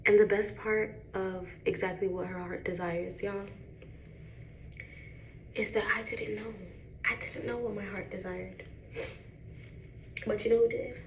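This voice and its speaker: A woman's voice: mid-range voice, measured pace, long pauses. Young woman, chatty makeup vlogger, roomy and noisy recording. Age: 20s. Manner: chatty, animated, addresses viewers as y'all. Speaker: beauty vlogger. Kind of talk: casual chat while doing makeup. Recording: echoey room with background noise.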